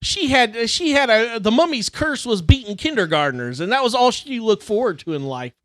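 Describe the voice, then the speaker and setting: A middle-aged man telling childhood stories in casual chat, animated, exaggerating for laughs and swearing freely. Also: very high-pitched, moderate pace, no echo, studio quality. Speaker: podcast co-host.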